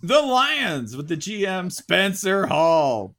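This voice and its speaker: A man's voice: high voice, sing-song, slow pace, fairly bright tone. A man co-hosting a comedy sports podcast, playing announcer and laughing often. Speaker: podcast co-host. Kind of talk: casual comedic chat.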